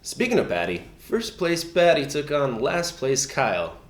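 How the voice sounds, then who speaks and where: A man's voice: fairly high pitch, huge pitch swings, unhurried. A man co-hosting a mock news recap of a fantasy league, trading playful, teasing banter. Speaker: guest co-host. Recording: roomy echo.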